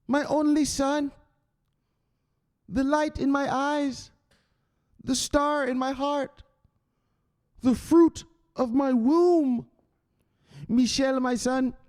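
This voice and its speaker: A woman's voice: fairly even intonation, a little mellow. A man doing a melodramatic European mama. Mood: pleading. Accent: put-on European. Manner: high-pitched, slow, pleading. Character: doting old European mother, melodramatic.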